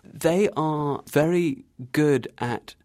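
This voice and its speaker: A middle-aged man guest in an interview, telling a vivid travel anecdote with restarts and soft laughs. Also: fairly high pitch, very slow, dry recording, clean studio sound. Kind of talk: storytelling interview answers.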